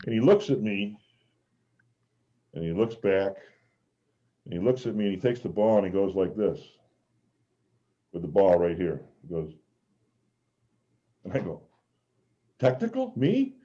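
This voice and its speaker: Low, dark-voiced man telling stories. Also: normal speed, pauses often. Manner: rambling, animated, shouts out quoted lines. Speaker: former college mascot guest. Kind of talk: casual storytelling on a video call. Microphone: video call. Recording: dull lo-fi video call audio.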